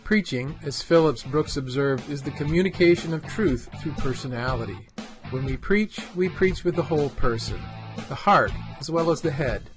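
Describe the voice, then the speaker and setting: Man reading a measured preaching lesson. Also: fairly high pitch, lively intonation, faint music behind. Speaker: homiletics teacher. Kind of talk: scripted instructional narration.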